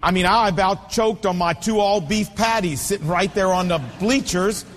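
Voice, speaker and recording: Man in his fifties, pastor, high voice, emphatic repetitive preaching, long hall reverb. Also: moderate pace, a bit bright, soft background music. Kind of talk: sermon.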